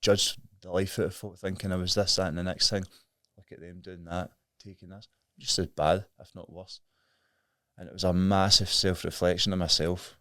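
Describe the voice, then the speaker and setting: A man's voice: low-pitched, flat delivery, moderate pace, a bit bright, no echo. A Scottish man in his thirties, a podcast guest telling his story in an earnest, frank, plain-spoken way. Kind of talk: candid recovery story in conversation.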